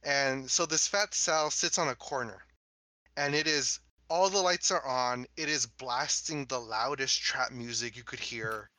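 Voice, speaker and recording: Young male co-host, relaxed filler-heavy chat, bright edge, dry booth sound. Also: mid-range voice, no echo, poor audio. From Los Angeles area. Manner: laid-back, many fillers, quick bursts. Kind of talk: casual chat.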